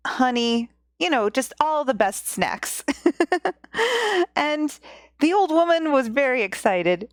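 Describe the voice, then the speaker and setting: A woman's voice: high voice, no echo, studio quality. A woman hosting a podcast, casually retelling a fairy tale with playful, giggly asides. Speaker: podcast host and storyteller. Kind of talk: casual storytelling. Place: home. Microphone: podcast microphone.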